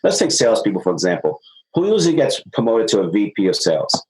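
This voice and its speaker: Fast-talking and fairly low-pitched, this middle-aged sales consultant gives an energetic podcast interview, performing the dialogue from his stories. The audio is poor.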